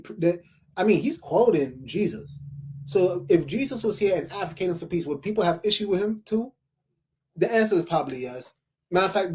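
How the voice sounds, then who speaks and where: A man with a husky, slightly raised voice talks over a video clip as its commentator. He builds his case with emphatic rhetorical questions and firm declarations. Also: on the high side, darkish tone.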